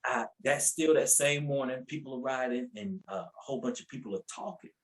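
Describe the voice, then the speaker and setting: A man's voice: mid-range voice, fairly quick, poor audio. A man sharing his personal faith testimony on a podcast. He talks casually and colloquially, often repeats words, and livens up his story by acting out what people said. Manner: animated, acts out quotes with raised voice. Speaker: podcast guest.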